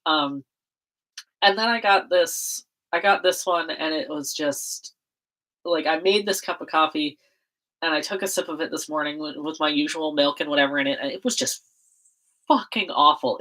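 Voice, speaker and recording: A woman's voice: low-pitched, moderate pace, a bit bright, rough recording. A woman chatting casually on a livestream while she makes a zine, rambling with frequent laughs and self-corrections.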